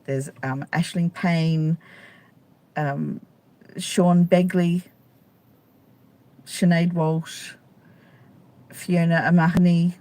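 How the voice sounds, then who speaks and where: A woman's voice: low voice, a little mellow, slight background noise. A middle-aged woman, a stand-up comedian, chatting casually and playfully to viewers on a live stream from a city street, talking into a phone held at arm's length. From Australia.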